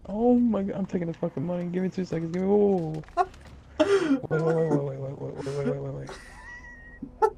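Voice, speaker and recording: A young man giving casual, profane, excitable commentary while playing a game with a friend. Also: on the high side, a little fast, vocal fry, crowd noise. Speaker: gameplay channel host.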